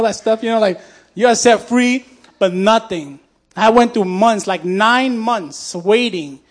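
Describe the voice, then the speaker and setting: A man preaching a sermon, telling a personal story in a conversational, heartfelt way, with frequent fillers and restarts. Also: high voice. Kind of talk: testimony sermon.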